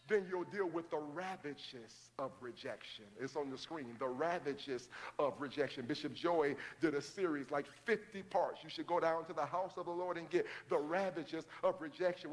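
A male pastor preaching to his congregation in a church. He talks conversationally, acts out quoted church members in quick asides, and builds to fervent shouting. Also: sits high. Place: church sanctuary. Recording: long hall reverb, faint ambience.

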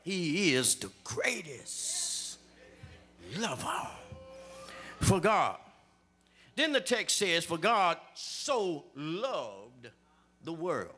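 A man preaching a sermon, speaking straight to his congregation, with repeated refrains that build up to shouting. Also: fairly high pitch, huge pitch swings, very slow. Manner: addresses the congregation directly, calling for testimony.

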